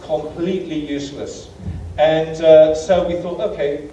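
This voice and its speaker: A man's voice: mid-range voice, moderate pace, warm tone, muffled recording. A British man giving a humorous travel lecture to a college audience, telling stories with a self-deprecating touch and lots of ums and uhs, recorded from far off in a lecture hall. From Britain. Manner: anecdotal, self-deprecating, many fillers. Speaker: guest lecturer. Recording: echoey hall from far off, faint hiss.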